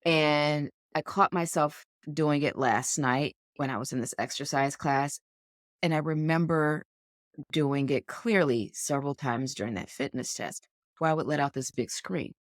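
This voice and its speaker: A woman's voice: sits low, a little slow, dry recording. Woman co-host earnest, encouraging, dry close sound. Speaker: podcast co-host. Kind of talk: casual podcast chat. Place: indoors, podcast recording.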